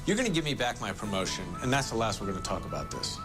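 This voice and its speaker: A self-assured corporate lawyer in a TV drama who never rises to a provocation. He talks quickly with a lively, swinging pitch and a cool, sarcastic command. Music sits clearly under the dialogue. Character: cocky, unflappable male corporate lawyer.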